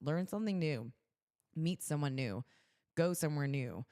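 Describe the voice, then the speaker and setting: A woman's voice: low-pitched, lively intonation, normal speed, dark tone. A woman from California co-hosting a podcast, chatting casually and bubbly, with lots of "like" fillers. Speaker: podcast co-host. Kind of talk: casual chat.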